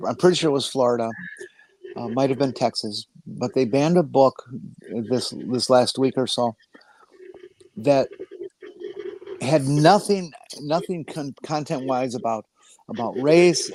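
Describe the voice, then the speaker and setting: A man chatting over a video call, halting and sardonic, with many ums and restarts. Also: mid-range voice, a little mellow, poor audio. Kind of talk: casual chat.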